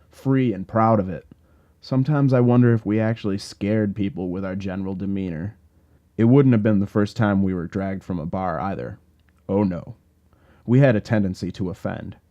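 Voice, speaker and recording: A man's voice: fairly low pitch, warm tone. A man, the author, reading his own novel in a wry, laid-back first-person storytelling style for an audiobook. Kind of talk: audiobook narration.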